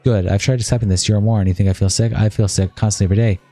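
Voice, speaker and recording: A man streaming live, reading a long chat argument aloud in a rapid, flat read-through. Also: lowish voice, no room sound, soft background music.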